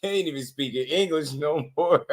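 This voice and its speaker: A man's voice: on the high side, normal speed. A man hosting a boxing channel, reacting to clips in casual, slangy commentary, laughing often and rambling between thoughts.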